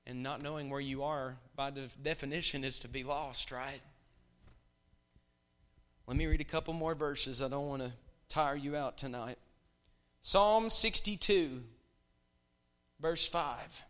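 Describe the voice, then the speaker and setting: A man preaching a sermon in church, swinging from hushed, drawn-out lines to loud shouting bursts. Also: mid-range voice.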